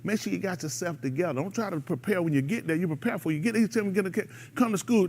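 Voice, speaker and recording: A man's voice: high voice, very fast, hardly any pauses, a little hiss or hum. A man, hosting a radio show and preaching casually to a group in an exhorting way. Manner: animated, exhorting, breaks into laughter and mimicry.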